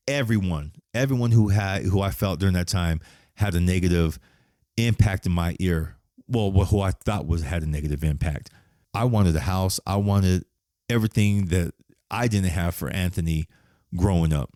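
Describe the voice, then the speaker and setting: Deep-voiced man, frank and emotional. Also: a little mellow, dry recording, clean studio sound. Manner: emotional, frank, swears often. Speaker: podcast host. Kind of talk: personal monologue.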